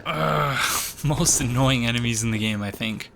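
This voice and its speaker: A man chatting excitedly while playing a game, thinking aloud. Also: medium pitch, a little fast, background noise. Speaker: game player. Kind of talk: let's play commentary.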